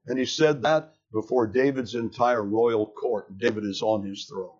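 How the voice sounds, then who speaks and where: A man preaching a sermon, retelling a scripture story in a dramatic, deliberate way. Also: mid-range voice. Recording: dull lo-fi recording.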